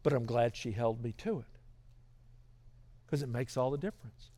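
A man's voice: mid-range voice, moderate pace, dark tone. A middle-aged male pastor telling a story in a sermon, earnest and conversational with stammered restarts.

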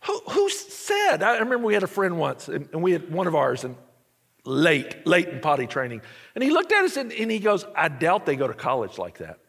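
A pastor in his forties giving a sermon, telling a story with animated delivery and acted-out dialogue in a slightly husky voice. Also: sits high, fairly quick. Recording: echoey church hall.

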